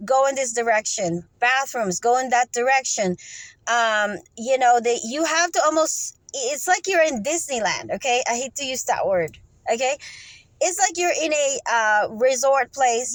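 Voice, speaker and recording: A woman's voice: high-pitched, fairly bright tone, no room sound, poor audio. A woman speaking in an unscripted advice monologue. She rambles and restarts often, checking in with "okay?" as she instructs. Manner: restarts and trails off mid-sentence. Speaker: vlogger giving advice.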